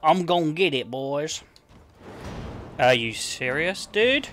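Speaking slowly in a high-ish, slightly bright voice, a young man with an English accent chats casually over his gameplay stream. He's crude and joking and swears heavily, and there's slight background noise.

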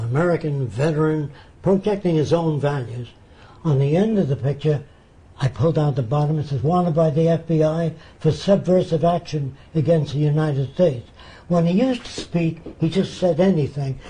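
An older man being interviewed, telling anecdotes and acting out the voices of the people in them. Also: on the high side. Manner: animated storyteller acting out quoted voices. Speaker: interviewee, futurist. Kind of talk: anecdotal storytelling.

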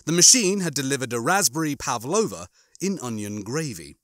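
A man hosting his channel, chatting warmly with listeners and then narrating a comic novel with enthusiasm. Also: mid-range voice, moderate pace, dry recording, clean studio sound. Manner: enthusiastic, animated reading. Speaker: audiobook reader and channel host.

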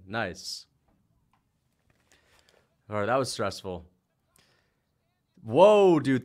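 A young man hosting a fight-reaction livestream, chatting loosely, swearing and reading out viewer donations. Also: fairly high pitch. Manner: loose, swears often, excitable outbursts.

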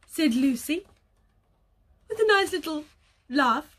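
A woman teacher reading a picture book aloud to young children, animated, gasping and coaxing them to join in. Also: high voice, measured pace, pauses often. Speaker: early years teacher.

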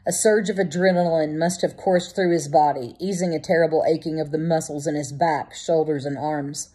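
A woman narrating a novel as an audiobook in a measured, vivid storytelling manner. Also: sits low, warm tone, husky. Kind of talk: scripted narration.

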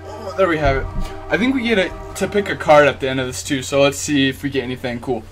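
Faint music plays behind a mid-range, quick-paced male voice as a YouTube gamer commentates casually on a basketball game he's playing. He talks right to his audience and requests likes, alternating yelps with anxious muttering.

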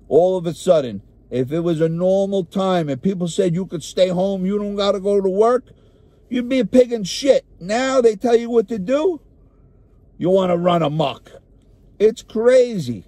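A man with a New York accent rants in exasperated bursts, swearing freely as he jokes along. His voice sits fairly high, with a mellow, dark tone. The recording is dry and close. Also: big pitch swings, normal speed, dry recording. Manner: profane, exasperated ranting. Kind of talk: comic rant to camera.

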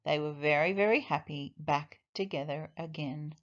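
A woman teacher reading a children's storybook aloud in an expressive, deliberate way. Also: low-pitched, muffled recording.

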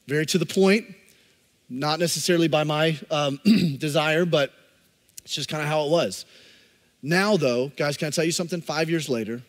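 A man in his thirties preaching a sermon as pastor, swinging from loud, emphatic lines to soft, close asides. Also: on the high side, big-room sound. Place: church sanctuary.

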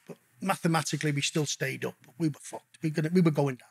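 A man's voice: fairly high pitch, quick pace, gravelly, slightly rough. A man, a guest, telling a story casually and animatedly, swearing heavily as he goes. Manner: heavy swearing, animated retelling.

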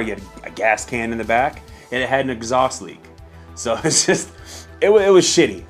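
A man speaking at an ordinary middle pitch tells a story from his working days. He is loose and candid and swears freely. Faint music plays behind him. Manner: candid, profane, laid-back. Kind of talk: casual storytelling to camera.

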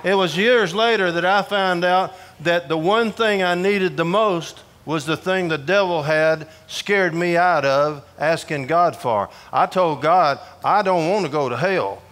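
A man from Georgia, preaching a humorous storytelling sermon to a prison audience in a folksy, animated way. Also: high-pitched, a little slow, few pauses. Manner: folksy, animated, acts out voices in his stories.

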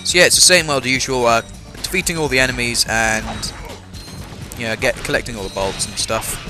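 Bright-voiced English gamer with a cough. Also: male voice, medium pitch, brisk. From England. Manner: chatty, self-mocking, many fillers. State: has a cough. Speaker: let's-play gamer. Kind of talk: casual game commentary. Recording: voice over game music.

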